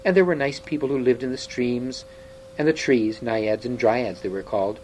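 A man reading aloud, voicing an eager, timid boy prince who babbles quickly in a raised voice. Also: mid-range voice, darkish tone, slight background noise, lightly acted, low-quality recording. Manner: eager babbling, then faltering.

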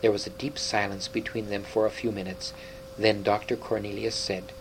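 A man narrating a storybook in an expressive way, with occasional stumbles. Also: fairly low pitch, normal speed, slight background noise, rough recording. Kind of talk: storybook reading.

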